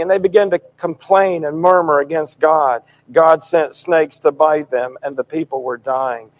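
A middle-aged man preaching a sermon in a fervent, emphatic style, his voice swelling loud at key points. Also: a little high, a little slow, hardly any pauses, poor audio.

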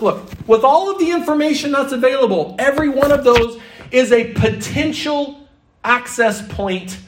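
A man preaching a sermon in a church hall, lively and theatrical, sometimes slipping into mock-panicked voices. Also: high voice, far from the mic. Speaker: pastor.

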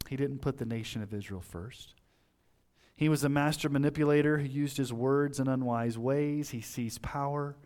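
A man preaching a sermon as pastor, his voice rising sharply on emphasis and dropping low and quiet on grave points. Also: normal speed.

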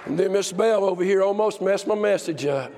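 A man preaching a sermon, telling stories with passion and swinging from shouts to hushed tones. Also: sits high, brisk, a crowd in the background, background noise. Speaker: pastor. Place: church sanctuary. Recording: long hall reverb.

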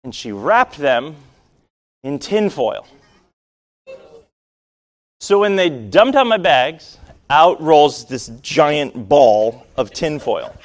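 A man from Rhode Island telling a personal story to an audience in a wry, self-deprecating, lively way. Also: a little high, slow, long pauses. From Rhode Island, USA.

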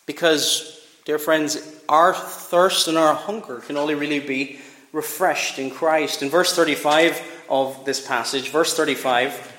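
A man's voice: fairly high pitch, measured pace, a bit bright. A man in his twenties preaching an earnest, emphatic sermon, his voice rising and falling in volume. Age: 20s. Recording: echoey church hall.

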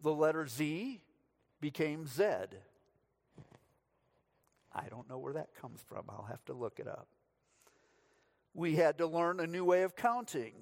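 A man's voice: on the high side, expressive, moderate pace, vocal fry, darkish tone. A middle-aged man from the United States, preaching a sermon as pastor, telling stories with dry humor.

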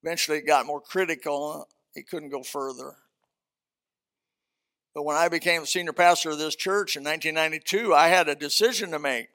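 An older pastor preaches in a church auditorium, folksy and emphatic, with joking asides. His voice sits high and has a bright edge. It carries a gravelly rasp. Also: fairly quick. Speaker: senior pastor. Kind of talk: sermon.

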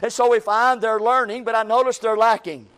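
High-pitched guy preaching, folksy and emphatic, keeps repeating himself. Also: fairly even intonation, brisk, fairly bright tone. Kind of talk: sermon.

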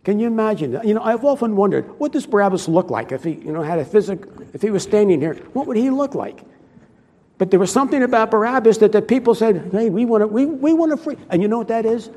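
A man's voice: high voice, lively intonation, fast, warm tone, long reverb tail. A male preacher giving a conversational sermon, asking his listeners questions as he goes.

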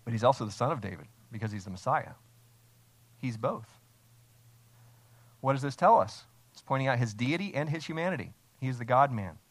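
A male pastor preaches to his church, leaning on emphatic phrasing and rhetorical questions. His voice sits at an ordinary middle pitch. The sound is close and dry, with no room echo. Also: lively intonation, a little fast, pauses often. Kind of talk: expository sermon. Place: church, streamed online.

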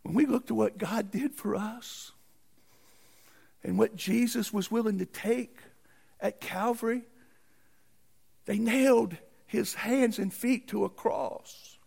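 Gravelly preacher, man. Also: sits high, takes it slowly, long pauses, a little mellow. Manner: folksy, emphatic preaching with rising outbursts. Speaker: pastor. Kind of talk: sermon with folksy storytelling.

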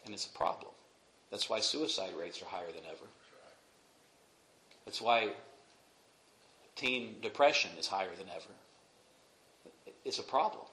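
Pastor preaching in an echoey church. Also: male voice, lowish voice, a little slow, long pauses. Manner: swings from quiet asides to loud emphatic peaks. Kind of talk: sermon. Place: church sanctuary. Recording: echoey room, faint noise.

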